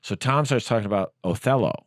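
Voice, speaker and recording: A man's voice: fairly low pitch, expressive, brisk, no room sound. A man hosting a podcast in a studio, telling a story in casual chat and reading text messages aloud. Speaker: podcast host.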